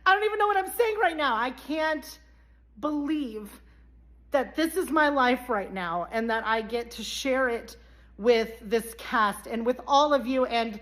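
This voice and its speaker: A woman's voice: high-pitched, expressive, fairly bright tone. A woman talking in an effusive, rambling way in a casual social media video. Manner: effusive, rambling, talks fast.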